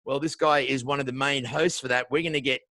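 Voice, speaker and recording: A man's voice: mid-range voice, steady tone, fast talker, sharp tone, no echo. An Australian man hosting a podcast interview show, with upbeat, welcoming showman patter. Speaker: show host.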